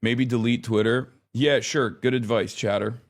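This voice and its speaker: A man's voice: medium pitch, steady tone, normal speed. A man in his thirties chatting casually on a live stream, rambling, often exasperated, swearing now and then.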